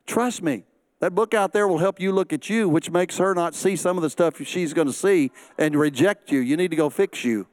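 A man's voice: high-pitched, moderate pace, no echo. A middle-aged man preaching a sermon as pastor, acting out quoted voices and joking asides.

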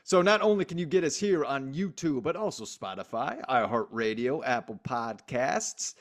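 A man's voice: medium pitch, normal speed. A man co-hosting a casual sports podcast, joking and emphatic. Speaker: podcast co-host.

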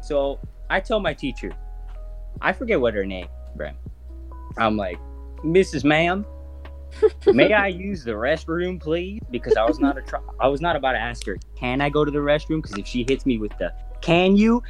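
A man in his twenties hosts a podcast and tells a story in a loose, profane way, slipping into voices for the people in it. His pitch swings widely and his voice sits in the middle register for a man. Faint music plays underneath. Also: a little fast. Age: 20s. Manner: profane, animated, acts out voices in his stories. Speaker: podcast host. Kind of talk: casual storytelling.

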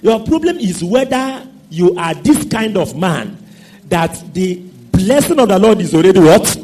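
Husky-voiced preacher, wildly animated. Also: male voice, high voice. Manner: call-and-response questions to the congregation; drawn-out emphatic phrasing with sudden loud and soft swings. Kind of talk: sermon.

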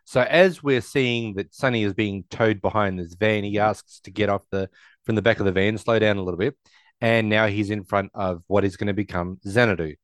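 A man casually recapping a film, rambling and acting out the dialogue in quick voices. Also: fairly low pitch, fairly even intonation, no echo. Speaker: podcast co-host recapping a film. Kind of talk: casual chat.

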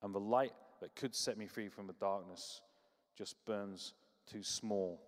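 A man preaching a sermon, telling stories with humor and lively energy. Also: fairly low pitch, unhurried, long reverb tail. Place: church.

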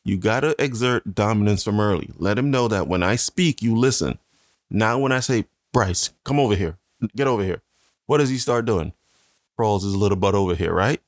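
A man's voice: on the low side, expressive, normal speed, dry recording, studio quality. A man co-hosting a casual chat, a father bragging in a playful, mock-serious way. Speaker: podcast co-host, father.

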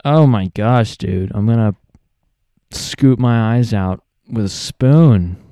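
A man's voice: lowish voice, slow, no echo, clean studio sound. Sarcastic guy ranting on a podcast. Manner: exasperated, sarcastic, animated ranting. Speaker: podcast host. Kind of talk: casual ranting podcast monologue.

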